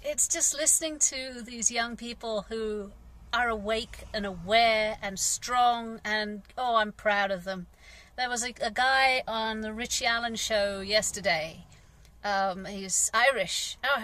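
A middle-aged English gardener talks frankly and ramblingly in a casual personal vlog monologue, sighing and swearing now and then. Her voice is on the high side, sharp and unhurried.

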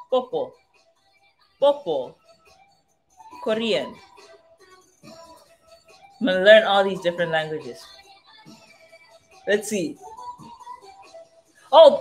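A woman's voice: a little high, a bit bright. A young woman from southern Africa chatting casually as a vlogger, playfully sounding out foreign phrases one by one. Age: young adult. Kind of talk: casual livestream chat. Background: faint music playing.

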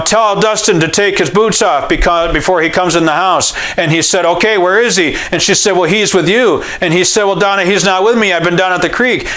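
An American man preaching a sermon, telling a story and acting out the voices in it, calling out questions for the congregation to answer. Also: a little high. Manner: storytelling preacher who acts out quoted voices and rises to near-shouts. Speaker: pastor.

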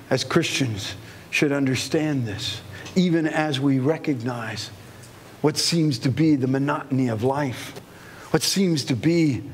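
A man's voice: mid-range voice, big-room sound, a little hiss or hum. A man who is a pastor preaching a sermon in a church sanctuary, telling stories and acting out little scenes as he goes.

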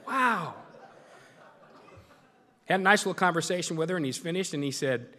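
A man's voice: fairly high pitch, very fast, fairly bright tone. A middle-aged male sportscaster giving a folksy, joking speech to a club in a large meeting hall. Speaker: sportscaster and guest speaker. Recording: echoey hall with long reverb.

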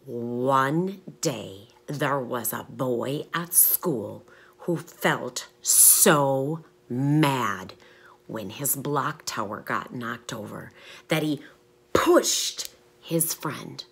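A woman teaching young children through short stories, asking them questions and pausing for their answers. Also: a bass voice, expressive, vocal fry, breathy edge. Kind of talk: storytelling lesson for young children.

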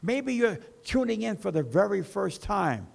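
A man preaching a sermon as pastor, with slow emphasis that rises and falls. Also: high voice, very animated, creaky.

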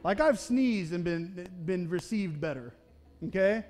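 High-voiced young pastor telling stories. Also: male voice, lively intonation, a little slow, a little mellow. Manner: conversational, self-deprecating, many "okay?" check-ins. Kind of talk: sermon with personal storytelling. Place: church sanctuary.

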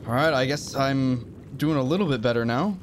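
A man's voice: mid-range voice, moderate pace, a little hiss or hum. A man commentating a survival horror game as he plays, often startled and talking to himself. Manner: jumpy, frightened exclamations and muttering to himself. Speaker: gaming channel host. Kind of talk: let's play commentary.

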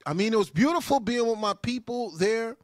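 A man's voice: extremely high pitch, expressive, brisk, no room sound, studio quality. A man, a deacon, reading viewer comments on a livestream and answering them in an emphatic way that rises to fervent bursts. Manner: emphatic, rising to fervent bursts when stirred. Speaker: deacon answering live chat.

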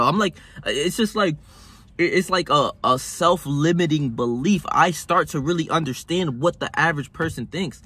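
A young man speaks straight to his viewers in a casual motivational monologue. His voice is husky and sits a little high. He talks in loose slang, swears often and keeps restarting his sentences. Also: moderate pace, pushed and bright. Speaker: vlogger. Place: hot room.

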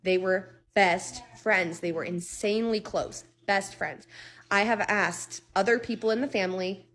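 Woman around 30, casual storytime teller, earnest, emphatic repeats, mid pitch. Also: fairly even intonation, unhurried, fairly bright tone. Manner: emphatic, repeats words for stress; earnest and candid, occasional swearing.

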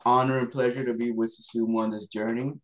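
A man's voice: mid-range voice, flat delivery, fast. A man, the film's motion graphics artist, talking in a laid-back, enthusiastic way on a video call. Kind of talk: casual video call chat.

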